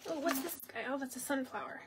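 Young woman with a high voice. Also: quick pace, heavy background noise. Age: young adult. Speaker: co-host, daughter. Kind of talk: casual live-stream chat while crafting.

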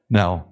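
An older man, a psychiatrist, gives a conference lecture in a conversational, wry way, with many filler pauses.

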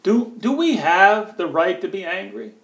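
A man's voice: high voice, expressive, unhurried, creaky. An American man delivering a heated, profane political rant to camera, sarcastic and mocking. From United States. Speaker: political vlogger. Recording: echoey room.

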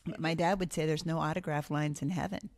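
A woman hosting a faith-based podcast, talking in a soft, grateful way with small restarts. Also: low voice, steady tone, a little fast, dry recording. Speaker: podcast host. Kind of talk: casual chat.

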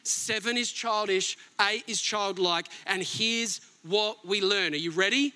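Man, middle-aged pastor, very high voice, sharp tone, emphatic sermon delivery. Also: a little slow, smooth. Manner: emphatic preaching, rising to near-shouts and dropping soft.

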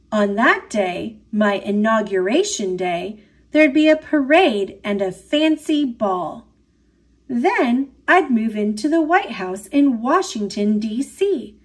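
An American woman reading picture books aloud to children, with expressive, sing-song storytelling. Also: a little high. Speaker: storybook reader. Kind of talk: picture book read-aloud.

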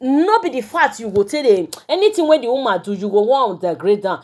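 A woman's voice: a little high, expressive, a little fast, a little mellow. A woman with a Nigerian accent doing celebrity gossip commentary on her channel, talking straight to her viewers. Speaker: YouTube gossip vlogger.

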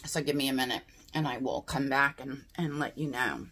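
A woman's voice: extremely low pitch, moderate pace, fairly bright tone, breathy edge. A woman chatting casually through a beauty box unboxing, thinking aloud and asking her viewers what she should do. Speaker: beauty vlogger.

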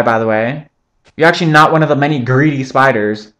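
Rambling, swearing young gaming commentator. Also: male voice, a little high, fast talker, fairly bright tone. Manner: rambling, joking, swears often. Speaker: gaming channel host. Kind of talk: casual gameplay commentary.

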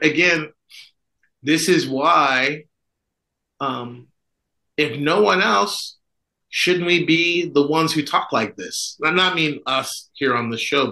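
A man's voice: medium pitch, pushed and bright, rough recording. A man who is an Orthodox priest co-hosting a podcast, talking in a rambling, casual way full of fillers and asides. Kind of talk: casual conversational chat.

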